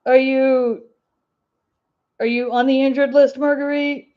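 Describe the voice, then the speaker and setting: Her high voice is flat and a little slow, and the sound is lo-fi, as this woman from the Ozark Mountains, US, hosts a crafting livestream. With her Ozark twang, she rambles casually while answering viewer comments and laughs often.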